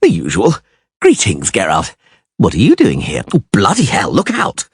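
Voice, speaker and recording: A man doing a flamboyant excitable troubadour. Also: on the low side, moderate pace, breathy edge, dry recording, clean studio sound, heavily acted. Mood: lively. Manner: theatrical, excitable, boastful. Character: flamboyant vain young male troubadour.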